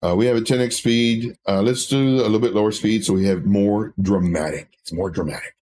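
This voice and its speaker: A man's voice: on the low side, brisk, darkish tone, slight background noise. Casting: man, trading-stream host, loose rambling storyteller, casual chat at the desk. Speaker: crypto trading educator.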